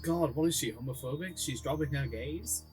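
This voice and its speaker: A man's voice: a little high, normal speed, darkish tone, breathy edge, faint music behind. A man joking casually with friends about a story, reacting with playful exaggeration. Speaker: co-host. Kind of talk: casual banter.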